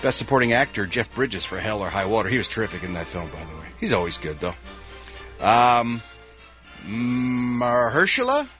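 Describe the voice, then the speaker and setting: A man's voice: lowish voice, a little fast, a bit bright, faint music behind. A man hosting a radio show, joking his way through entertainment news in casual chat. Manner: wisecracking, reading news items.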